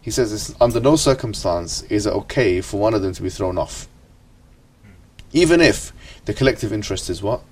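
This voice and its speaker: A man leads an ethics lesson in a classroom with a somewhat low voice. He talks in questions, repeats himself and checks in with the students as he goes. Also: animated, a little fast, husky, distant mic. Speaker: teacher.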